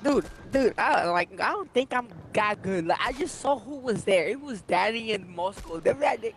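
A young man chatting while gaming, slangy and excitable, yelling to teammates. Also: high voice, moderate pace, creaky. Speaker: gamer. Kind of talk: casual chat while gaming. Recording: noisy online voice chat.

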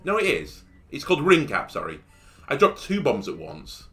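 A young man giving casual let's-play commentary, telling stories in an animated way that rises to exasperated shouts. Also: mid-range voice, normal speed, faint music behind. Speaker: gaming YouTuber.

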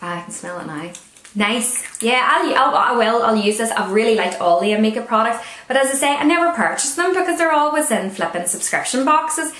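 A woman's voice: fairly high pitch, animated, brisk, fairly bright tone. Chatty Northern Irish woman, roomy echo. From Northern Ireland. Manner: chatty, with wry asides. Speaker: beauty product reviewer. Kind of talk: casual product review vlog.

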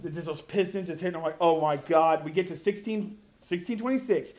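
A man's voice: brisk, darkish tone. A man co-hosting a podcast, telling a story in casual chat, acting out quotes and laughing often. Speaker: podcast co-host. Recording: low, muffled soundboard audio.

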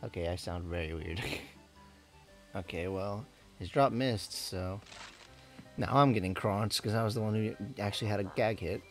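A man's voice: on the low side, moderate pace, long pauses, faint music behind. A man giving casual, rambling commentary while he plays a game, often correcting himself and laughing at his own slips. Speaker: let's play gamer.

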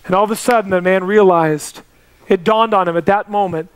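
A man's voice: fairly even intonation, a little fast, clear, resonant tone. A man preaching a sermon as pastor, telling stories and pressing each point with repetition. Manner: emphatic preaching with repetition and rising pitch.

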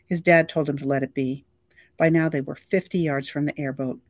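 An audiobook reader narrating a novel in a steady, even storytelling voice. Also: medium pitch, a little fast, no echo, clean studio sound.

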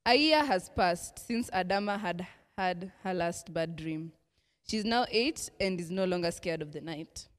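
Low-voiced Kenyan woman reading a story. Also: animated. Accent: Kenyan English. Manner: measured, prayerful delivery. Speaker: lesson presenter. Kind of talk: reading a mission story aloud. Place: church hall. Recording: echoey hall reverb.

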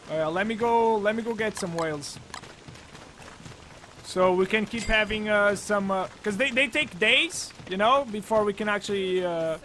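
A man commentating his own gameplay on a live stream, thinking aloud with lots of fillers and breaking into loud, excited shouts. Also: high voice. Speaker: game streamer.

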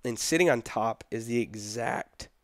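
A middle-aged man telling a personal story in casual conversation, animated and quoting the people in it. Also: mid-range voice, a little slow, dry recording, clean studio sound. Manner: animated, quotes people in his story, laughs between. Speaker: guest telling his story.

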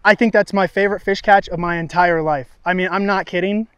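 Excited young man exclaiming outdoors. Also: high-pitched, brisk, smooth, no echo, muffled recording. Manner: breathless, keeps exclaiming in disbelief. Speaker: fishing vlogger. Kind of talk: excited outdoor vlog commentary. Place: outdoors on a riverbank.

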